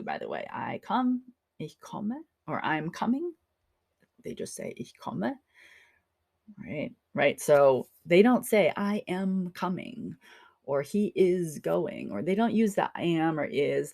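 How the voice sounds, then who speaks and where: A woman's voice: low-pitched, creaky, darkish tone, no echo, studio quality. A woman teaching a German grammar lesson over slides, chatty and encouraging, checking in often with her students. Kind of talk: classroom lecture over slides.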